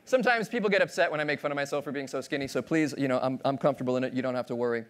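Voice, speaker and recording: A man's voice: medium pitch, rapid-fire, fairly bright tone, a little hiss or hum. A man giving a playful keynote talk on stage, acting out little scenes and voices. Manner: playful, acts out voices of others. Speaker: keynote speaker. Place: large conference hall stage.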